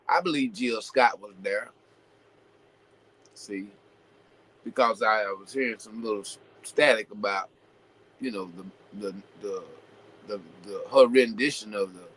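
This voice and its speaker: A man's voice: fairly low pitch, a little hiss or hum, poor audio. Rambling man in a casual monologue. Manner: rambling, heavy on "you know" fillers and restarts; animated rhetorical questioning.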